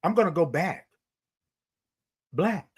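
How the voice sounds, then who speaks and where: A man with a high, light voice gives a motivational monologue on his morning show. He preaches to his listeners, calls them y'all and repeats key lines for weight. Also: lively intonation, takes it slowly, darkish tone, slightly rough.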